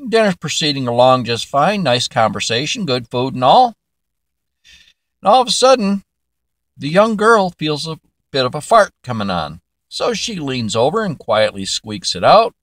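An older man telling a folksy joke story as a storytelling uncle, in a drawn-out, chatty way. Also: on the high side, very animated, fairly bright tone, dry recording, clean studio sound. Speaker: joke teller.

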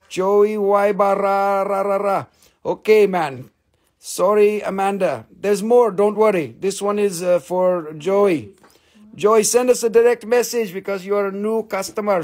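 On a live stream where he sells stones, a man cracks jokes and teases his audience while announcing prices, his phrasing slightly broken. He has a high, somewhat mellow voice.

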